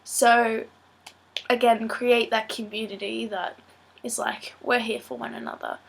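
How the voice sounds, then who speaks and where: A teenage girl with a somewhat high voice, talking casually to her camera. She sounds nasal and stuffy from a blocked nose and a sore throat. She rambles along in a chatty way, filling pauses with ums. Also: level tone, gravelly. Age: late teens. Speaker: student vlogger. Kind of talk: casual vlog talk to camera.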